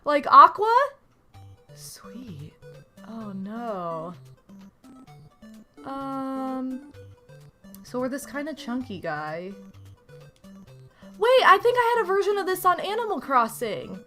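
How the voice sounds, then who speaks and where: A woman's voice: high voice, big pitch swings, slow, long pauses, sharp tone, soft background music. A woman in her thirties streaming a retro game, chatting casually, gushing and reading game text aloud. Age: 30s. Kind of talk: casual gameplay commentary.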